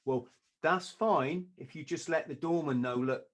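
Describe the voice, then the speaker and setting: A man, a podcast guest, telling a story in a lively way, often laughing and acting out what others said. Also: a little high, unhurried, breathy edge. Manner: lively, acts out quoted voices, laughs often.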